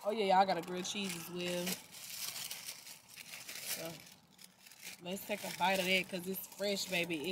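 A woman's voice: fairly low pitch, flat delivery, a little slow, long pauses. A young woman vlogging from her car, chatting casually in a rambling, chatty way and swearing now and then. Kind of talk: casual vlog chat. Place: inside a car. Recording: loud car and road noise.

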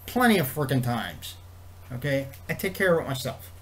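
A man vlogging in a rambling casual way, swearing freely and filling pauses with ums and you-knows. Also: mid-range voice, very animated, a bit bright. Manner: rambling, profane, many fillers and restarts. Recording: faint background noise.

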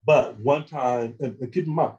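Male guest, candid first-person account, hesitant and repetitive delivery, warm dark timbre, muffled lo-fi recording. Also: medium pitch. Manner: halting, repeats words while searching for them. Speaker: guest recounting experiences.

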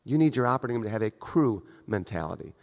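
A man's voice: lowish voice, lively intonation, fast, darkish tone. A male surgeon giving a conference lecture in a direct, conversational way. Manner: conversational, direct, acts out brief exchanges. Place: lecture hall. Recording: long reverb of a lecture hall.

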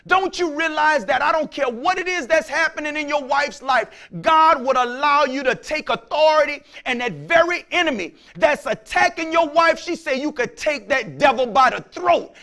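A man preaching a sermon as pastor, casual in speech, acting out his listeners' voices and swinging from quiet talk to shouts. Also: very high voice, lively intonation, moderate pace.

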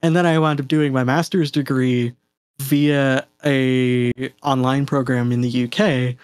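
A Canadian man talks casually as a guest, rambling a little with fillers, restarts and small laughs. His voice sits at an ordinary middle pitch. The sound is dry and close, with no room around it. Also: steady tone, a little slow, a little mellow, clear, resonant tone, no echo. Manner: chatty, laughs often, many fillers and restarts. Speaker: guest game designer. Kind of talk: casual fireside chat.

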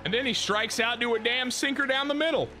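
A man giving live gameplay commentary, excitable and full of profane trash talk. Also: very high-pitched, brisk, soft background music. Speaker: gaming YouTuber.

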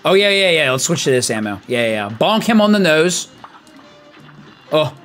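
Animated young man streaming a game. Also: on the high side, normal speed, faint music behind. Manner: hyped, chatty, greets viewers by name. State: out of breath. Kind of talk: live gameplay commentary.

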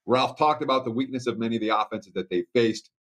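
A man's voice: medium pitch, quick pace, a bit bright. A man analyzing a game on a sports betting panel, telling it as a story with a chuckle here and there. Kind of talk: casual panel talk.

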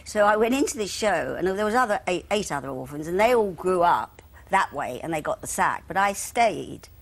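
A woman, a TV interview guest who tells gossipy stories full of quick asides and "you see". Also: fairly low pitch, sing-song, creaky. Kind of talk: chatty TV studio interview. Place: TV studio sofa.

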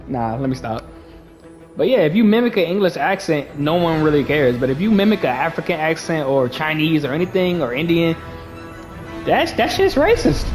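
A young man commenting on a video game in an excited, slangy, joking way. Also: fairly high pitch. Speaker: gaming streamer. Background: game music.

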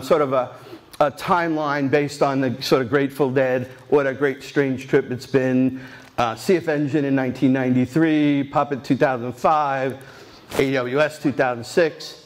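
Animated older man telling a conference story. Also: fairly high pitch. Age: 60s. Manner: rambling and animated, many restarts and asides. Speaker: conference speaker. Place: conference stage.

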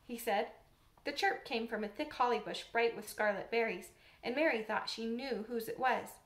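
A woman narrating a classic children's novel aloud in a measured, expressive reading. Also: fairly high pitch, echoey room. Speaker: audiobook narrator. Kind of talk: storybook narration.

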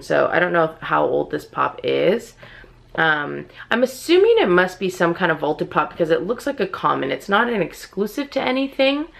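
Low gravelly woman chatting through an unboxing. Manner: chatty, talks straight to viewers, bursts into squealing excitement. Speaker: unboxing vlogger. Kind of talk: casual unboxing commentary. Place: at home indoors with others asleep.

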